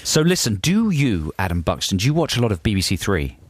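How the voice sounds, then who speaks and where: A man's voice: on the low side, a little fast, no room sound. Wry man co-hosting radio. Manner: wry, rambling, deadpan jokes. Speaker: radio co-host. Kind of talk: comic radio banter. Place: radio studio. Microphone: studio microphone.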